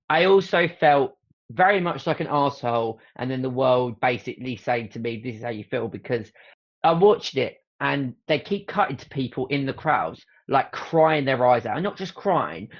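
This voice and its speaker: A man's voice: mid-range voice, dull audio. A man, hosting a podcast and chatting casually, telling stories with laughs and the odd swear word. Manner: animated, laughing storyteller who swears casually. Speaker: podcast host. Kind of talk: casual chat.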